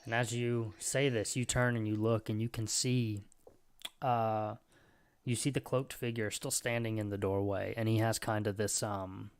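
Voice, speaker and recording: A man's voice: lowish voice, normal speed, clean tone. A man narrating as game master, describing scenes in a loose, rambling way. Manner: relaxed, rambling description with fillers.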